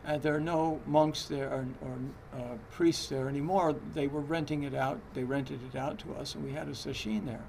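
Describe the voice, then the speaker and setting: A man's voice: fairly high pitch, fairly even intonation, moderate pace, gravelly, few pauses, a little mellow, slight background noise. A man giving a Zen dharma talk in a conversational, hesitant way, with frequent fillers and restarts. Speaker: Zen teacher.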